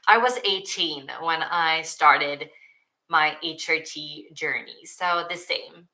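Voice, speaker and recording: Soft-paced bright young woman. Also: sits low, slow, poor audio. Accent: Swedish. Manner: emotional, giggly, many likes and ums. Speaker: YouTuber answering viewer questions. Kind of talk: casual Q&A chat.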